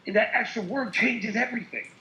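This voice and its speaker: Animated high-voiced man, bright tone. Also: slight background noise. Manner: animated, laughs often, fast asides. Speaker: co-host. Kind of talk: casual political talk show. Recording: echoey lo-fi call audio.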